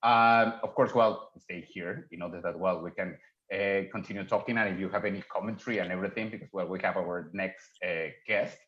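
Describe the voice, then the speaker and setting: A man's voice: low-pitched, steady tone, fairly quick, a bit bright. Mexican guy hosting in english, searching for words, echoey dull room sound. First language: Spanish. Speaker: host. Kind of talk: interview hosting.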